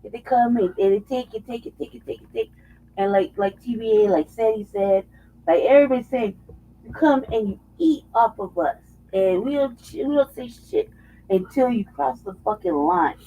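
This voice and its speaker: A woman co-hosting a casual political talk show, heated and profane. Her voice is husky and mellow in tone, a little higher than most. The audio is dull and lo-fi. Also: moderate pace. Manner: heated, profane, mocking imitations. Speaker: co-host.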